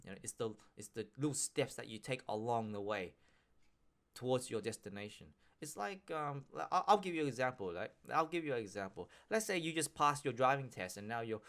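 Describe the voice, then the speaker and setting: Male podcast host, mid-pitched, loose slangy monologue, lots of restarts. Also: a bit bright. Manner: rambling, frequent restarts, slangy and profane. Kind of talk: casual solo podcast monologue.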